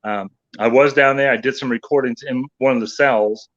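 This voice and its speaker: A male paranormal investigator telling animated anecdotes in casual chat. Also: mid-range voice, moderate pace, highs cut off. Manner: animated anecdote teller, voices others in quotes.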